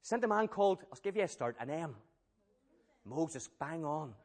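A man telling a Bible story as a sermon, animated and questioning his listeners. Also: fairly high pitch, normal speed. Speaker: preacher.

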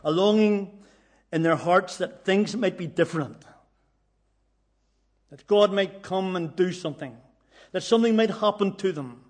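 High-voiced preacher, repeating for emphasis. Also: male voice, measured pace, long pauses. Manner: earnest storytelling, repeats phrases for emphasis. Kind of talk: sermon.

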